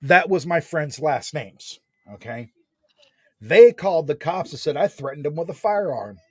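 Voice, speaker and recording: Man, 40s, casual storyteller, slangy and lively, a bit high, dry sound. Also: moderate pace, slightly rough, dry recording. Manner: animated, slangy, lots of "man" and "right?".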